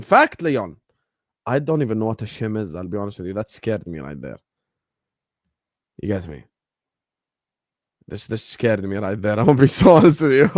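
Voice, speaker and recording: A man hosting a football fan livestream, excitable and laughing as he trash-talks rivals and banters with chat. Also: mid-range voice, no echo, clean studio sound.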